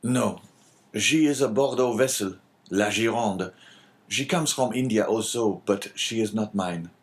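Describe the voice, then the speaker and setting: A proud old merchant at the end of his luck speaks gravely and with quiet sorrow, as a male audiobook reader puts him on. The voice is fairly low and steady, resigned rather than loud. It is a storybook reading, plainly told. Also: measured pace, close to an everyday voice. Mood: mournful. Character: older male merchant facing ruin, dignified and mournful.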